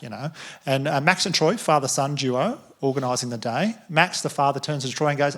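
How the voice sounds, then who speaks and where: A man's voice: mid-range voice, fairly quick. A man doing stand-up, telling a story in a self-mocking way and acting out the voices of the people in it. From Australia. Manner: animated, self-mocking, acts out quoted voices. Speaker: stand-up comedian. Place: theatre stage before a live audience.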